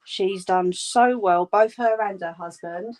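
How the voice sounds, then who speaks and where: A woman chatting at an unhurried pace while she crochets at home, warm and reassuring with her viewers. Her voice sits at an ordinary middle pitch, easygoing and homely. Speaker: crafting livestream host. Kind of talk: casual chat while crocheting, answering viewers' comments.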